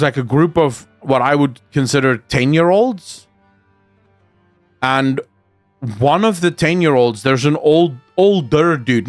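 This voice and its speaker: A man's voice: mid-range voice, no room sound. Guy ranting casually, blunt, restarts a lot, dry close mic, faint music behind. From South Africa. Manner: rambling, blunt, frequent restarts. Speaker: streamer host. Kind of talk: casual commentary.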